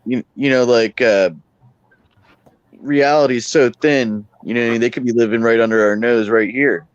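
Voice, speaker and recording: A man's voice: medium pitch, steady tone, unhurried, clean tone, dry recording. A man in a casual podcast chat, offering speculative theories. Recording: dull lo-fi sound.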